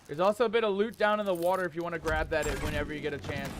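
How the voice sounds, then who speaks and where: A man's voice: a little high, steady tone, racing, noisy background. A man streaming a pirate game who reads the chat aloud and talks in playful pirate slang. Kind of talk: live gameplay commentary. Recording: music playing under voice.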